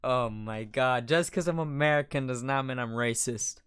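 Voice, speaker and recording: A young man chats on a casual podcast, often laughing and protesting in flustered bursts. His voice is smooth and clear, and it sits at a middle pitch. The sound is close and dry. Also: normal speed, a bit bright, dry recording. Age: young adult. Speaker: podcast co-host. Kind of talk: casual chat.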